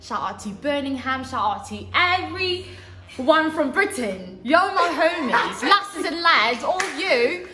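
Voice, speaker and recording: A woman's voice: high-pitched, sing-song, takes it slowly, hardly any pauses, pitched above the performer's own voice, full character voice. South African woman putting on a jokey fake British accent. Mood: playful. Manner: playful, loud, laughing. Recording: echoey room with background music.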